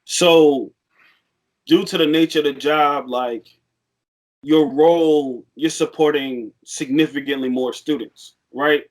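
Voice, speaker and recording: A young man talking as a podcast guest, relaxed and rambling, with frequent fillers in casual chat. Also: on the high side, takes it slowly, low-quality recording.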